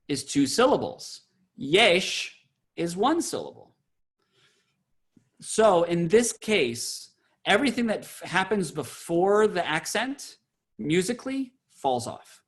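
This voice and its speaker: Slow, bright-voiced cantor teaching chant. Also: male voice, high voice, big pitch swings. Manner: explains briefly, then sings trope words slowly. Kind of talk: online Torah trope lesson. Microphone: video call.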